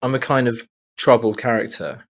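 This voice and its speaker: A man's voice: medium pitch, moderate pace. Hesitant man, casual chat. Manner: hesitant, lots of fillers and restarts. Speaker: podcast co-host, actor.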